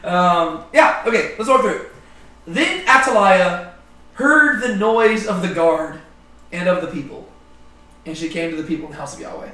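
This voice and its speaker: A man's voice: sits high, lively intonation, moderate pace, pushed and bright. A man leading a casual group Bible study, joking and filling his talk with ums and likes. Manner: chatty, joking, many fillers. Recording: roomy, distant mic.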